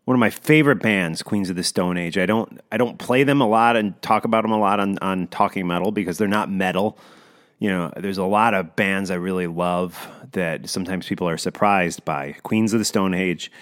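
Deep voiced guy hosting a metal show, kinda rambly, trails off quiet. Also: moderate pace. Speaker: metal podcast host. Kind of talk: casual chat between songs.

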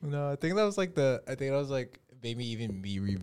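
A man's voice: mid-range voice, big pitch swings, fast talker, darkish tone, clean tone. A man chatting casually as a podcast guest, rambling through a story with lots of fillers and restarts. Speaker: guest musician.

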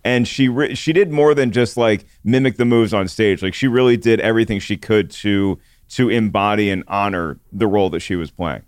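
Man podcast co-host, smooth voice, halting restarts, dry mic. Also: on the low side, dry recording. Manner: hesitant, many restarts. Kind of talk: casual chat.

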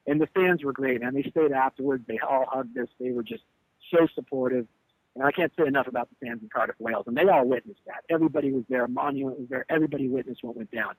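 A band leader tells a tour story in a candid interview, heatedly and profanely recounting how a bandmate walked out on a show and acting out the quotes. His medium-pitched voice comes quick, with vocal fry and a breathy edge. The recording is dry but low quality.

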